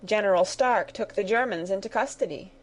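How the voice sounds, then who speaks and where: A woman's voice: mid-range voice, brisk, darkish tone, lightly acted. A woman voicing a playful, good-humoured teenage girl in a read-aloud story. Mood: teasing. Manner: playful, teasing.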